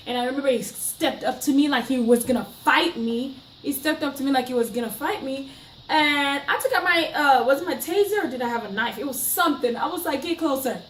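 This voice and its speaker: Young woman vlogger, higher voice, emphatic storyteller; roomy room, mic set back. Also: distant mic, slight background noise. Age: young adult. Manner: chatty, emphatic, dramatic retelling. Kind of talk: casual storytime monologue.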